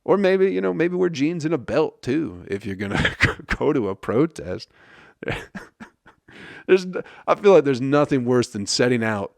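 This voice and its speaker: A man's voice: lowish voice, no echo, clean studio sound. Profane, rambling male podcast host. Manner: profane, rambling, laughs at his own jokes. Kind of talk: casual comedic monologue.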